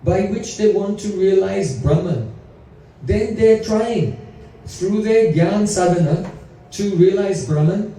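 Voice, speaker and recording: A man's voice: high-pitched, takes it slowly, mellow, far from the mic. A man giving a devotional lecture as a spiritual teacher, explaining with stories and rhetorical questions. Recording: very echoey room, voice from afar.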